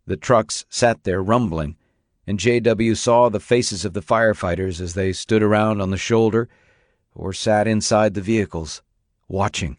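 A man reading an audiobook aloud in a steady, measured narrating style. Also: lowish voice, no room sound, clean studio sound. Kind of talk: scripted narration.

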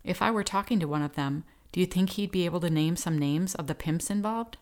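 A woman voicing a polite, sweetly persuasive young woman, in her own low voice. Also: a little fast, a little mellow, lightly acted. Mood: sweet coaxing. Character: calm sweet-talking young blonde woman.

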